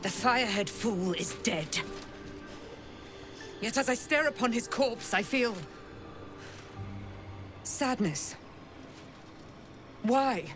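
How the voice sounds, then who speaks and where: A woman's voice: a little high, slow, pauses often, music in the background. An actress playing a proud, indomitable female paladin in a video game, speaking in a grand, declamatory way. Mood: reflective. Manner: grand, declamatory, archaic phrasing.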